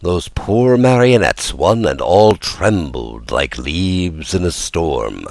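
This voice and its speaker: A man reading a classic children's story aloud with a lively, theatrical delivery. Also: deep voice, slow pace, dry recording. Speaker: audiobook narrator.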